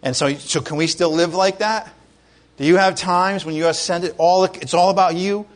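A pastor preaching a sermon in a conversational way, asking his congregation questions and rising to loud exclamations. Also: sits high, normal speed.

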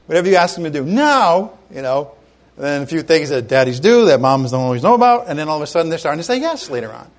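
Middle-aged male pastor from Rhode Island, high voice, chatty animated sermon with congregation asides. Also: very fast.

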